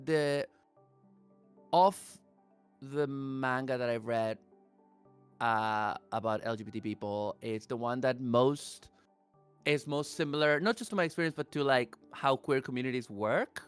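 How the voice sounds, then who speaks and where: Smooth-voiced man, halting and rambling. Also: mid-range voice, soft background music. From Argentina. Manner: rambling, halting, with many restarts. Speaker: stream guest. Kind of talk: casual chat.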